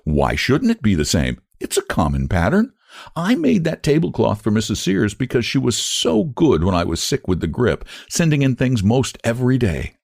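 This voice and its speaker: A soft-hearted, careful older woman, as a male narrator puts her on, talking in a gentle, coaxing way that stiffens into defiance when challenged. Her voice sits a little higher than his own deep tone and swings a lot. It sounds close and dry, like a storybook reading. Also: huge pitch swings, moderate pace, vocal fry, no echo, heavily acted. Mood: earnest.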